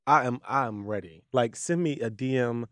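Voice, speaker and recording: A co-host chatting casually, joking in a playful, slangy, animated way. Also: medium pitch, moderate pace, dry recording, studio quality. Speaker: co-host of an entertainment news show. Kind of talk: casual chat.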